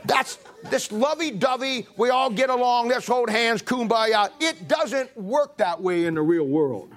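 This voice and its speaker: A very high voice with lively intonation carries this sermon, delivered at a measured pace by a man in his seventies. He's a pastor in a church sanctuary, telling down-home stories with emphasis and acting out the voices in them.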